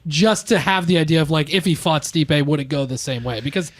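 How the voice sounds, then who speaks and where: Guy talking fast, kinda high pitched, asks lots of questions, dry mic. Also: no echo. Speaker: co-host. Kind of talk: casual chat. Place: studio.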